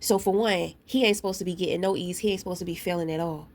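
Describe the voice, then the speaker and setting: A woman's voice: fairly low pitch, fairly even intonation, fast, darkish tone. A woman and parent ranting to her camera in a blunt, profane, confrontational way, telling a story full of asides. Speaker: vlogger. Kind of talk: casual rant to camera.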